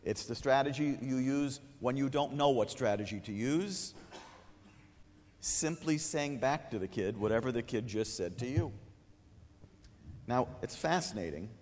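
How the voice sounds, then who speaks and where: A man giving a conference lecture, joking with the audience and acting out a kid's replies. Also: mid-range voice. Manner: humorous, animated, acts out a kid's lines. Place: conference hall. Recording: long hall reverb.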